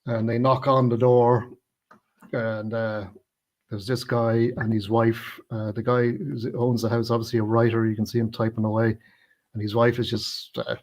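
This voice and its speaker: A man's voice: medium pitch, little pitch movement, moderate pace. A man co-hosting a casual film discussion, talking in a hesitant, explanatory way with many fillers and restarts. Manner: explanatory, unpacking invented slang. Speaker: film review co-host.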